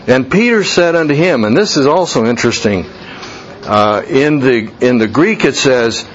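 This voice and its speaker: A man preaching a sermon slowly and deliberately, jumping to a much higher pitch when he voices people's reactions. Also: lively intonation, muffled recording, a little hiss or hum. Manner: slow deliberate preaching, voice leaps high for quoted reactions. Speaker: pastor.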